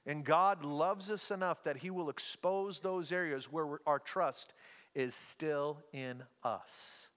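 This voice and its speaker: A middle-aged man preaching a sermon to a congregation, telling stories with playful, animated asides. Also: a little high, long reverb tail. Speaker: pastor. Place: church hall, live congregation.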